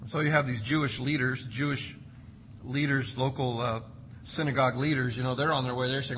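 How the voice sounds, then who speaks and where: A man's voice: medium pitch, steady tone, a little fast, fairly bright tone, slight background noise, low-quality recording. A man preaching an expository sermon, reading scripture and explaining it with emphatic, varied delivery. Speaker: pastor.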